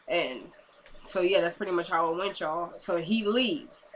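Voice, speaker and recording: A young woman casually recapping a TV episode in a chatty, animated way, acting out the characters' lines as she goes. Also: lowish voice, measured pace, slight background noise. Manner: chatty, animated, retells scenes in quoted voices. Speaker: TV episode reviewer.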